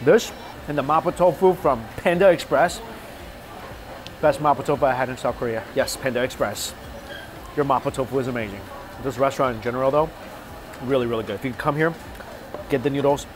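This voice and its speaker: A man's voice: mid-range voice, fairly quick, long pauses, background noise. A man hosting a casual food vlog, chatty and enthusiastic as he tastes dishes and recommends them. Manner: enthusiastic, chatty, savoring food between lines. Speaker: food vlogger host. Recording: music bed under the voice.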